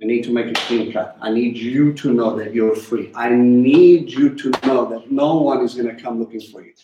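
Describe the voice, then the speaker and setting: A man preaching a sermon in an animated way, swinging between loud and hushed, and speaking directly to the people in the room. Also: medium pitch, moderate pace, background noise. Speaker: teacher. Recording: echoey room.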